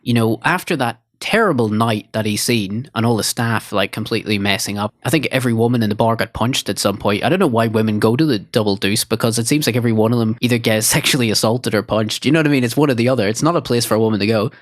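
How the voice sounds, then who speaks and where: A man's voice: mid-range voice, quick pace, hardly any pauses, no echo, clean studio sound. A man co-hosting a podcast, chatting casually and acting out movie lines in a raised voice. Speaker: podcast co-host. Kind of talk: casual chat.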